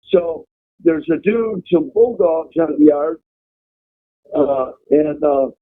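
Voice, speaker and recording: A man's voice: on the high side, expressive, slow. A man telling rambling, profane stories as a guest in a casual chat. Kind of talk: casual storytelling. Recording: tinny phone line.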